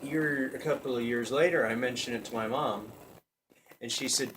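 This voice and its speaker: A young man telling a comic story in casual chat, laughing constantly, swearing and acting out loud screams. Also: mid-range voice, moderate pace. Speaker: storyteller guest. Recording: distant mic with faint background noise.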